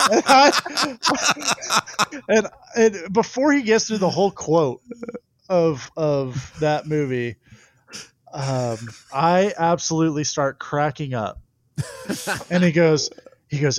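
A man's voice: on the high side, slow, long pauses, dry recording. Laughing man telling stories. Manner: animated storyteller, laughs often. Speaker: guest pitcher. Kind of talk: casual podcast chat.

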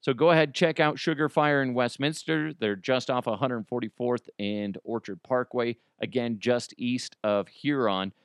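A male radio host tells stories casually and jumps into quick put-on voices for the people he quotes. His mid-range voice is recorded close and dry, with no room sound at all. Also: medium pitch, smooth, no room sound. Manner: animated storytelling with put-on quotes. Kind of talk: casual chat and live-read ad.

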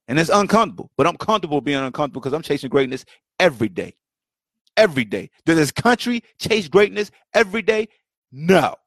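A man's voice: on the high side, big pitch swings, fast, a bit bright, dry recording. Fired-up male podcast host, dry close mic. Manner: heated, rhetorical, repetitive, mocking quoted voices. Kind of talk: impassioned solo commentary. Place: home setup, livestream.

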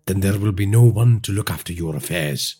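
A man putting on a hardened middle-aged father in a crime audiobook, speaking low, blunt and controlled. The voice is dark and husky, dropped below the narrator's own. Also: a little fast, soft background music. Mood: firm.

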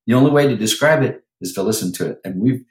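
A man's voice: fairly low pitch, animated, fast talker, echoey room, poor audio. A man who works as a vocal coach, talking animatedly in a podcast interview and breaking into sung lines now and then.

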